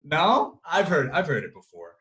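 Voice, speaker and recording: A young man, a sports reporter, chatting as an interview guest, animated and full of fillers and restarts. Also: on the high side, normal speed, low-quality recording. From Massachusetts. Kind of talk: casual interview chat.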